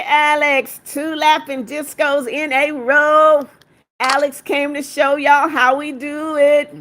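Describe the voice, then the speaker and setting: A woman hosting a livestream, reading viewers' comments aloud and calling them darling while she counts out gifts. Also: high voice. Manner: affectionate, calls viewers darling; counts gifts out loud, laughing. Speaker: livestream host. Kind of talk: reading live chat aloud.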